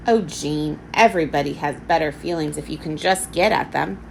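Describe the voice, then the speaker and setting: A woman reading a storybook aloud, voicing a kind, sensible girl who speaks gently and reassuringly. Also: low-pitched, normal speed, creaky, slight background noise, rough recording. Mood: gentle.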